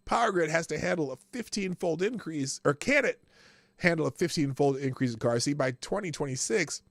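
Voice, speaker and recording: A man's voice: fairly high pitch, lively intonation, brisk, creaky, dry recording, studio quality. A male host giving casual live commentary, crude and mocking, often breaking into laughter.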